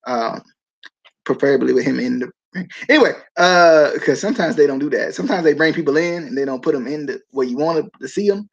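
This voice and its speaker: A man's voice: fairly high pitch, a little fast, creaky. Chatty man, dull lo-fi mic. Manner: laughs often, rambling with many restarts. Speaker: podcast host. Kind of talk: casual chat.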